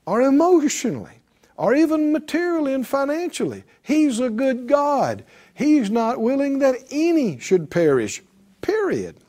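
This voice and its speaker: A man's voice: sits high, warm tone. A male preacher giving an emphatic sermon, repeating key words and acting out the prayers of worried people.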